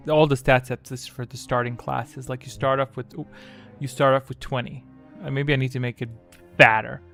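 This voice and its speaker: A man hosting a live-stream quiz, muttering to himself and grumbling at his software while he fixes settings. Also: mid-range voice, creaky. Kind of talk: casual live-stream chat.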